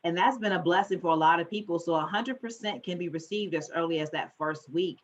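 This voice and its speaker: A woman financial advisor giving an animated conference talk, speeding up when she gets excited. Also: on the low side, brisk, muffled recording.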